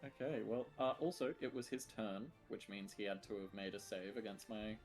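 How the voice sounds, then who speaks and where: A man's voice: on the low side, normal speed, faint music behind. A man playing a tabletop role-playing game, making laid-back, wry remarks. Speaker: player. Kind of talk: casual tabletop game chat.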